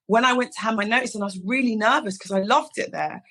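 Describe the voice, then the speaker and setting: A woman's voice: fairly high pitch, fast, a bit bright, poor audio. A woman in her thirties with a London accent, a salon founder telling stories in a casual interview and acting out the people she quotes. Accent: London English. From England. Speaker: guest, hairdresser and salon founder.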